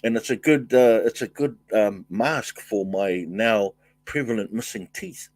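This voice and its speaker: An older man hosting a casual livestream, thanking viewers and reading their comments, talking in halting bursts with many fillers and restarts. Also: on the low side, a little mellow, no room sound. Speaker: livestream host.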